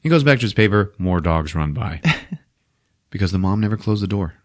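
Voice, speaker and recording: A man's voice: low-pitched, lively intonation, moderate pace. A man hosting a podcast, recapping a movie in casual, profane talk, laughing often and acting out scenes. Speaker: podcast host.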